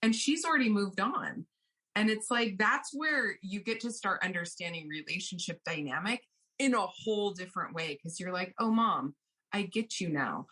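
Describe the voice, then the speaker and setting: A woman guest, an astrologer, chatting casually and expressively in an interview, quick to laugh. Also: mid-range voice. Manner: animated and expressive, quick to laugh and act out others.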